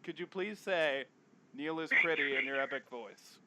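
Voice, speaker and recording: A man's voice: a little high, background noise. A man hosting a casual movie podcast over a call, teasing his guests and laughing often. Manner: giggly, teasing, fast-talking. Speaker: podcast host. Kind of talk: casual group chat.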